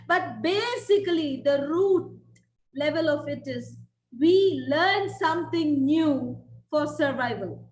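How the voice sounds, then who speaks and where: A woman lecturer giving a webinar, telling a story and speaking in a deliberate, emphatic way. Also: very high voice. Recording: echoey room with faint noise.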